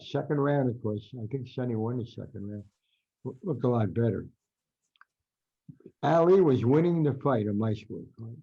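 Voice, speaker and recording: Older male storyteller, gravelly, husky, animated, dull lo-fi audio. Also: mid-range voice. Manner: animated storyteller, acts out quotes loudly. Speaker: guest boxing writer. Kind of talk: storytelling interview.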